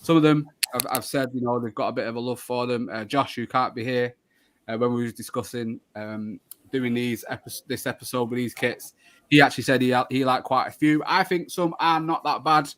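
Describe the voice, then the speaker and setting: Male host, mid pitch, easygoing chatter, frequent ums and restarts. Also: fairly even intonation, a little fast, fairly bright tone. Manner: chatty, friendly, many fillers and restarts. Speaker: podcast host. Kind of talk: casual live show chat.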